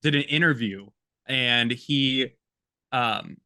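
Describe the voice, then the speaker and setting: Male podcast co-host with a bright, punchy voice and a dry, close sound. He is casual, chatty and joking. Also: mid-range voice, slow pace, no echo. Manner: chatty, jokey, reads quotes aloud. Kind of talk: casual film-review chat.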